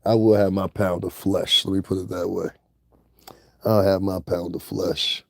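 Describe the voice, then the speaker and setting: A man with a very deep, gravelly voice rants at his audience as a vlogger, taunting and swearing. He sounds dry and close, with no room around him. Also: level tone, normal speed, no echo. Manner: profane and taunting, breaks into laughter. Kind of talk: confrontational rant.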